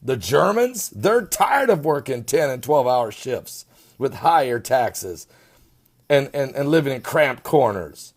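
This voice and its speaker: A man giving an animated, sarcastic video commentary, swinging between loud emphasis and muttering. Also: mid-range voice. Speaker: online commentator.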